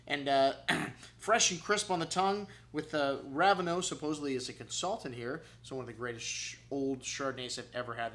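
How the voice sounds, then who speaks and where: Hosting a wine show for a wine shop, a man with a medium-pitched, fairly bright voice rattles off casual, enthusiastic tasting notes, dropping in frequent fillers.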